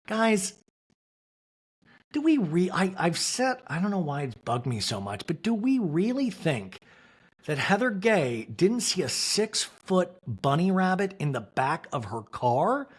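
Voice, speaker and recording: A man from Kansas hosting a podcast, recapping a reality TV episode in casual, animated talk and acting out the cast members' lines in mock voices. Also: on the high side, measured pace, husky. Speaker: podcast host.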